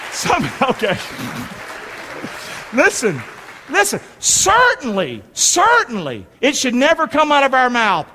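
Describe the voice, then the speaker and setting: A man's voice: extremely high pitch, sharp tone, a little hiss or hum. A middle-aged man preaching a sermon, emphatic, calling on his congregation to answer back. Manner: emphatic, call-and-response with congregation. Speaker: pastor. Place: church sanctuary. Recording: long hall reverb.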